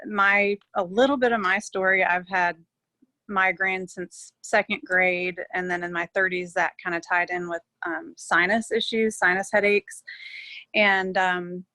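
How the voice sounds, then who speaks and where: A woman's voice: on the low side, fairly even intonation, measured pace, bright, forceful tone, no room sound. A woman speaking as a guest on a casual group video call, emotional and hesitant with frequent fillers.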